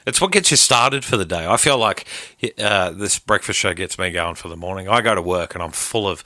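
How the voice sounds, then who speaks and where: Lively Australian man, bright voice. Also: sits low, dry recording, studio quality. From Queensland, Australia. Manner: chatty, quick to laugh, keeps interrupting. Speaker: breakfast radio co-host. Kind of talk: casual on-air banter. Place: radio studio.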